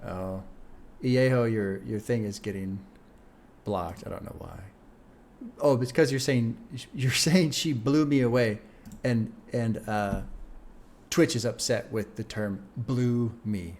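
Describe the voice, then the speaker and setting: A man's voice: medium pitch, a little slow, a little mellow. A young man casually reacting to a song, chatty and laid-back, laughing often and reading lyrics aloud. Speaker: music reaction streamer.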